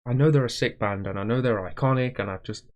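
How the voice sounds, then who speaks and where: A man's voice: mid-range voice, quick pace. Guy rambling to his viewers, bit of a morning voice, chatty and loose. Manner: rambling, chatty, self-aware waffling. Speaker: music reaction video host. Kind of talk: casual chat to viewers.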